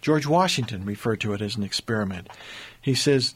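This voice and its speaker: A man's voice: fairly low pitch, animated, brisk, breathy edge. A man telling history stories in conversation, earnest and building emphasis, with frequent restarts. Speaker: guest storyteller on history.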